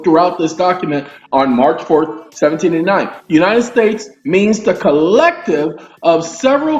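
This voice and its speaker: A man walks his listeners through legal definitions, stopping to check in and drifting into lively asides. His voice sits fairly high for a man. The recording is roomy and a little dull, with faint music underneath. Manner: animated, addresses listeners as y'all, breaks off into asides. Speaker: legal commentary host. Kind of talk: casual talk reading and explaining legal text.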